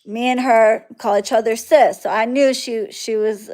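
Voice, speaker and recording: A woman's voice: a little high, normal speed. Blunt, cussing woman telling a story. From Florida. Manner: blunt, profane, animated and exasperated. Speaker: spiritual practitioner talking to clients. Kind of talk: casual storytelling monologue.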